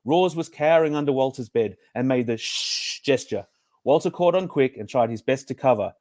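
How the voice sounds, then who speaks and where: A man's voice: mid-range voice, moderate pace, a little mellow. A man, a children's author reading his book aloud with playful storytelling.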